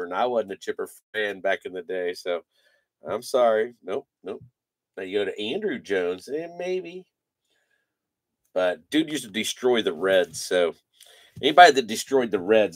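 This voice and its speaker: A man hosting a live trading card break, calling out player names and giving energetic, slangy shout-outs to buyers. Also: mid-range voice, no room sound.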